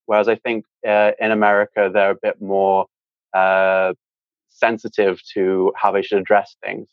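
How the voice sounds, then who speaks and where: A man's voice: fairly low pitch, level tone, moderate pace, dry recording. A young man with a British accent, a guest in a casual interview, talking in a rambling way with lots of fillers. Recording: dull, dry lo-fi sound.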